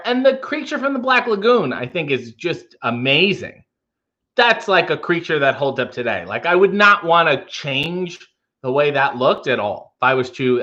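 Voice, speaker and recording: Bright-voiced man rambling on a livestream. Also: a little high, dull audio. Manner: rambling, offhand, wry asides. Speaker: livestream host. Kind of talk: casual chat reading viewer comments.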